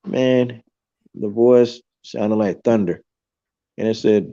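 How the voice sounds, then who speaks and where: A man hosting a podcast, telling a story in a loose, animated way and filling it with "you know" and "man". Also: fairly low pitch, unhurried, lo-fi sound. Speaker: podcast host. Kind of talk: casual storytelling chat.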